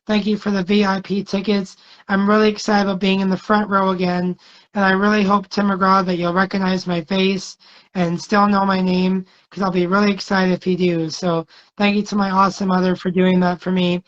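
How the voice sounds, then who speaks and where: A man's voice: high voice, flat delivery, brisk, fairly bright tone. A man, a guest singer, telling long stories in a casual interview, rambling and hesitant with many fillers. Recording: dull lo-fi sound.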